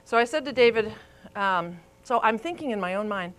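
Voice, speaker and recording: A woman's voice: mid-range voice, quick pace. A woman in her fifties, a speech therapist giving a live continuing-education lecture, telling stories and quizzing her audience. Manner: chatty, storytelling, quizzes the audience. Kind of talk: live lecture to a room and online viewers.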